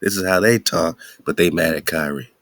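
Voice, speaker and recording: A man's voice: low voice, brisk, a bit bright, no room sound, studio quality. A male radio host giving casual, heated commentary, slangy and preachy.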